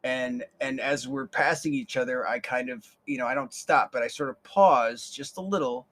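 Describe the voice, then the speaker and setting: A man's voice: mid-range voice, normal speed, fairly bright tone. A young man hosting a podcast, telling a rambling story with casual swearing and a lot of repeated words. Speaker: podcast host.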